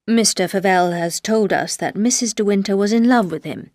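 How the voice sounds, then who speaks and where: Woman voicing a stern older colonel, measured, authoritative, dry read, storybook. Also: mid-range voice, darkish tone, no room sound, lightly acted.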